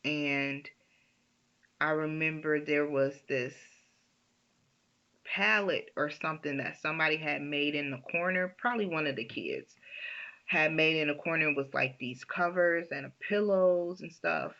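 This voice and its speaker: A woman telling a personal story in a halting way, often restarting her sentences, on a dull lo-fi recording. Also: sits low, bright, forceful tone.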